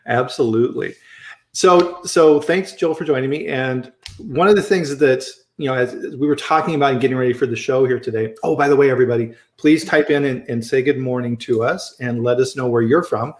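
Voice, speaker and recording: A man's voice: mid-range voice, brisk, echoey room. A man hosting a casual live-stream chat on a video call, friendly and chatty, often restarting his sentences. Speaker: host.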